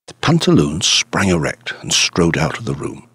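A man narrating a classic detective story audiobook in an expressive storytelling manner. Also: extremely low pitch, moderate pace, hardly any pauses, slightly rough, no echo. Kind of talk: scripted narration.

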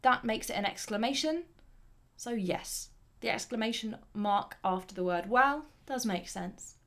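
A woman teaching a grammar lesson, explaining clearly and deliberately and reading example sentences with lively emphasis. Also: on the high side.

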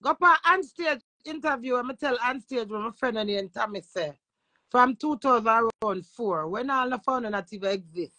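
Jamaican woman going off on a phone live, crude n defiant, kinda high voice, dry sound. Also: expressive, normal speed, pushed and bright, no room sound. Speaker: social media personality. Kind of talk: instagram live rant.

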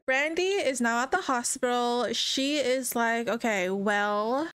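A woman's voice: a little high, a bit bright, smooth, dry recording. A woman game streamer giving chatty, exclamatory commentary while she plays and talks to her viewers. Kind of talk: casual gameplay commentary.

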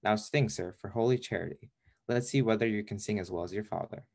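A man voicing a sly, flattering male fox in a storybook reading, with smooth, coaxing courtly speech. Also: fairly low pitch, a little fast.

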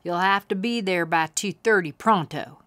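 A woman reading a storybook aloud, voicing a kindly male rodeo cowboy who is the children's uncle, drawing out his instructions slowly. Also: lowish voice, a bit bright, dry recording, natural voice. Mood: friendly.

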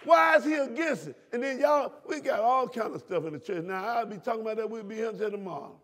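A man preaching a sermon as pastor, repeating lines and breaking into shouts at the congregation. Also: high-pitched, quick pace. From Southern United States.

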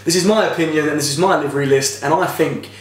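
A man's voice: a little high, quick pace, recorded from a distance. Chatty opinionated guy in an echoey room. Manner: chatty and opinionated, rambling with restarts. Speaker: motorsport vlogger. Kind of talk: casual opinion commentary.

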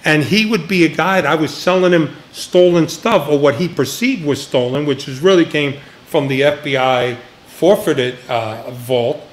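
A man's voice: fairly high pitch, normal speed, few pauses. An older man, a retired agent, telling stories in a casual interview and acting out the voices of the people he quotes, laughing now and then. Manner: animated storyteller, acts out quoted voices, laughs often.

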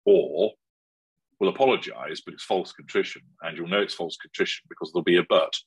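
A man being interviewed, explaining things in a measured, analytical way. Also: deep voice, fairly even intonation, husky, no echo, rough recording. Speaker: interview guest. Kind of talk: conversational interview.

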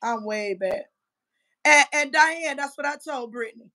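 A woman in her fifties with a high-pitched voice rants heatedly on a livestream. She trash-talks in a combative, profane manner at a measured pace, swinging between loud outbursts and muttered asides.

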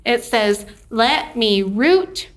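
A woman's voice: on the high side, lively intonation, very slow. A woman teacher leading a cheerful, patient lesson for young children, coaxing them along.

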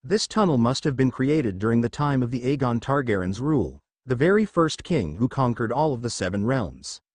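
A man's voice: mid-range voice, animated, moderate pace, no echo. A man reading fan fiction aloud as a narrator, telling the story expressively. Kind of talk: scripted fanfic narration.

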